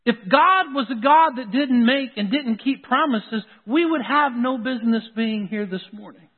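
A male pastor delivers an earnest sermon, his voice sitting high for a man. He circles back to key phrases to drive them home. The sound is thin and tinny, like a phone line. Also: moderate pace, big-room sound.

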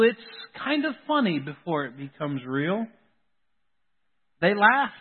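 High-voiced pastor preaching, tinny sound. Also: male voice, slightly rough, long reverb tail. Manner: earnest, repeats key phrases for emphasis. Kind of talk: sermon.

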